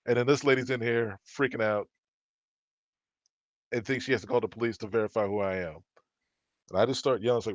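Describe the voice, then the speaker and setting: A man's voice: mid-range voice, fairly quick, pauses often, no echo. A man chats casually and tells stories from his working life, jumping into the voices of the people in them. His voice sits in a middle register. The recording is dry and a little dull, like lo-fi audio. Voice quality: animated, acts out quoted dialogue. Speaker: podcast guest telling work stories. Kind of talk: casual storytelling chat.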